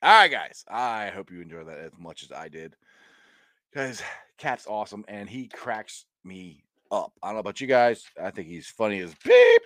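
A man from hosting a sports podcast, excitable and laughing often as he hypes his listeners. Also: lowish voice, normal speed, dry recording. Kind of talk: casual sports podcast chat.

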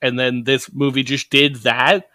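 Guy rambling through a story on a podcast, bright voice, dry sound. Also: mid-range voice, little pitch movement, measured pace, no room sound. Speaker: podcast guest. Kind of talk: casual podcast chat.

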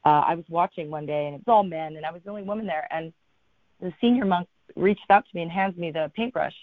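A woman, a guest in an interview, telling a travel story in an animated way and acting out what people said. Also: lowish voice, quick pace, no echo. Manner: animated storyteller, acts out quotes. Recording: thin phone-like line, dry.

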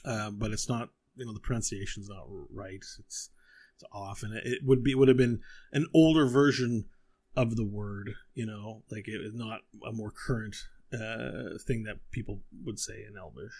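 A man narrating as game master of a tabletop game, talking in a relaxed, rambling way with many fillers. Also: on the low side, moderate pace.

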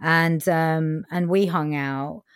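Low-voiced woman, frank storyteller. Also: fairly even intonation, takes it slowly, clean tone, no room sound, studio quality. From England. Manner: frank, sometimes swearing, many fillers. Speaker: interviewee. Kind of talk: candid personal storytelling.

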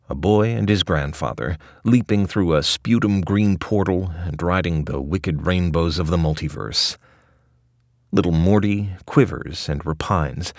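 A man's voice: sits low, no echo, studio quality. A man narrating a scripted audio essay with a wry, ornate delivery.

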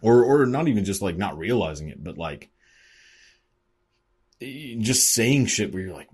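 Deep, husky guy ranting casually. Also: big pitch swings, measured pace, long pauses. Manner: rambling, profane, lots of fillers and laughs. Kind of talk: casual monologue.

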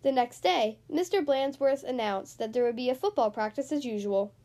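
A woman reading a children's picture book aloud with expressive, animated storytelling. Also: sits high, moderate pace. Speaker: storybook reader.

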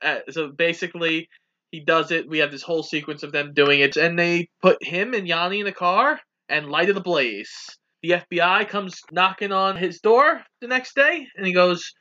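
A man's voice: high voice, normal speed, sharp tone. A man co-hosting a podcast, casually walking through a movie's plot and laughing along. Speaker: podcast co-host. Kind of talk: casual movie recap chat. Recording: dull lo-fi sound.

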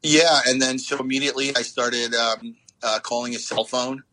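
A man in his forties recalling a hard day in an interview, often pausing and restarting with fillers. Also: mid-range voice, steady tone, pushed and bright, rough recording. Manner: halting, many fillers and restarts. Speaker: interview guest. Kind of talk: personal recollection interview.

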